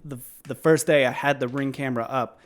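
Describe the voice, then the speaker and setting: A man co-hosting a podcast in casual chat, rambling with many fillers and trailing off softly. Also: medium pitch, steady tone, brisk. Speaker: podcast co-host.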